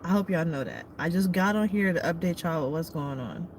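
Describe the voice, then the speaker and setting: A woman's voice: on the low side, expressive, fairly quick. A woman trucker talking to her viewers on a live stream, emotional and close to tears as she thanks them by name. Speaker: trucker and vlogger. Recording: noisy background.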